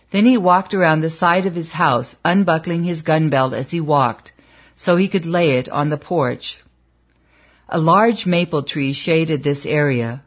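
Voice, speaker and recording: A narrator reading a story aloud in a measured, dramatic storytelling manner. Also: mid-range voice, dull audio. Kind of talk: scripted audiobook narration.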